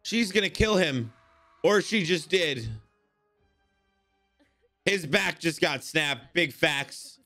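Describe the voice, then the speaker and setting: A man reacting to an anime episode in casual commentary, excitable and swearing, exclaiming at the screen. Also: fairly high pitch, slow, long pauses, faint music behind.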